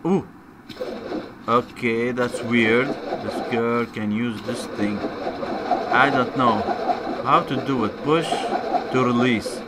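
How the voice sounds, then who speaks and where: A man's voice: mid-range voice, steady tone, takes it slowly, pauses often, background noise. A man commentating a video game playthrough, given to frustrated outbursts and swearing. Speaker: gamer. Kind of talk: let's play commentary.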